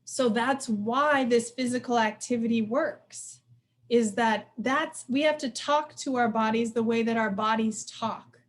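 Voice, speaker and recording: Fast-talking woman presenter in her forties. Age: 40s. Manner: fast, animated, acts out quotes with sudden high voices. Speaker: presenter of a workshop on stress. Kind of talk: casual live lecture.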